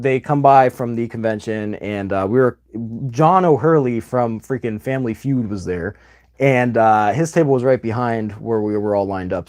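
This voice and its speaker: Man hosting a casual stream, rambling anecdote-teller who acts out the quotes, mid pitch. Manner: chatty, rambling, animated retelling with quoted voices. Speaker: livestream host. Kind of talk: casual livestream storytelling.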